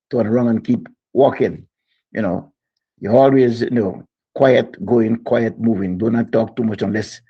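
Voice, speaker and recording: A Guyanese man tells his memories in a phone voice note, in a low, gravelly and husky voice. He rambles from one anecdote to the next, with plenty of fillers. The recording is dull and lo-fi. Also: mellow. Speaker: caller leaving a voice note. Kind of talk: reminiscing condolence message.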